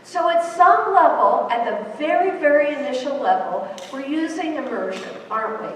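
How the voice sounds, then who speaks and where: A middle-aged woman with a fairly high voice delivers a conference keynote from a podium, often turning to the audience with rhetorical questions. She sounds far from the microphone, with heavy echo and a long reverb tail from a large hall. Faint room noise sits underneath. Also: lively intonation, moderate pace. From New York. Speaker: keynote speaker. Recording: echoey hall recorded from far off.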